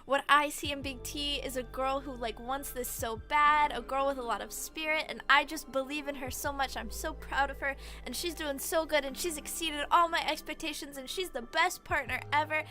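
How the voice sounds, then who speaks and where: A woman's voice: high-pitched, steady tone, normal speed, hardly any pauses, faint music behind. A woman aping a boastful sporty reality-show guy. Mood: gushing. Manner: gushing then gleeful yelling.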